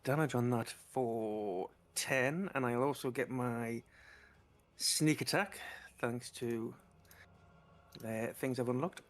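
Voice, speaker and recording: A man's voice: mid-range voice, takes it slowly, pauses often. A man playing a tabletop game, eager and hopeful about his rolls. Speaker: player. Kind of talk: casual tabletop game play.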